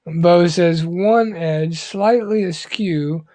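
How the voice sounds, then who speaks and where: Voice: mid-range voice, drawn-out words, dark tone. A co-host on a livestream reading out viewer comments and chatting casually. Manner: laid-back, reads viewer comments aloud. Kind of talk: casual chat.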